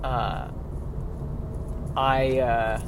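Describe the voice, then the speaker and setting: A grieving man talking through a reflective personal monologue, halting and rambling, with self-deprecating asides. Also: medium pitch, animated, noisy background.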